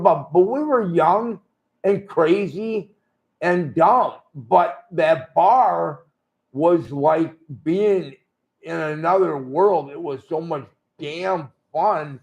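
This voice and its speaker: A man's voice: on the high side, slow, dull audio. An older man, a former wrestler, telling blunt, profane stories in a rambling way during an interview. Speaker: guest wrestler. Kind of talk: shoot interview storytelling.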